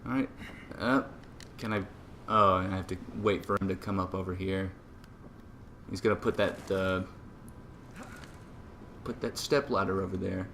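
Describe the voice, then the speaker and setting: A man's voice: sits low, fairly even intonation, measured pace, gravelly, pauses often, pushed and bright, a little hiss or hum. A man with a Boston accent giving laid-back, self-mocking commentary while playing a video game. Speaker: let's play gamer. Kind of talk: casual gameplay commentary.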